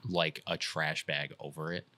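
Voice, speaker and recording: A man co-hosting a casual podcast, talking bluntly and swearing freely as he thinks out loud. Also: very deep voice, flat delivery, unhurried, no echo. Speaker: podcast co-host.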